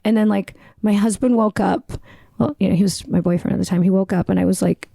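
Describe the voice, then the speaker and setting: A woman who is a podcast guest, telling a story in animated casual talk, full of "like"s and broken up with laughs. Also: mid-range voice, quick pace, gravelly, husky, no echo, clean studio sound. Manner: animated, many filler "like"s, laughs between lines.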